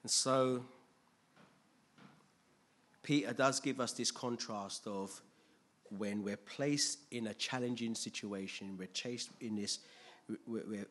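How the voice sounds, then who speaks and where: A man preaching a sermon, retelling a story with lively, jokey slang asides. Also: on the low side.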